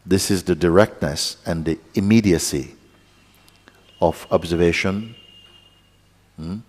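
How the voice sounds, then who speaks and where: A man giving a spiritual talk, leading calm guided contemplation with playful asides. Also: sits low, takes it slowly. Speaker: spiritual teacher. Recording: long hall reverb.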